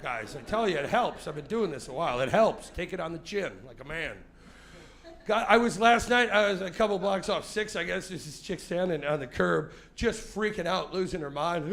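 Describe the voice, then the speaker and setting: High-voiced, foul-mouthed stand-up comedian. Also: male voice, animated, fairly quick, fairly bright tone. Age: 40s. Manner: profane and confrontational, teasing the crowd. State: sweating. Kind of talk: live stand-up comedy set. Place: comedy club stage.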